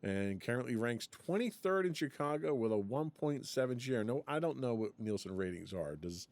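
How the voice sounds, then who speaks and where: Man, podcast co-host, lively up-and-down pitch, dry close sound, chatty, laughs a lot. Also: moderate pace, no echo. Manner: chatty, laughs often, reads from an article. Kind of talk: casual podcast chat.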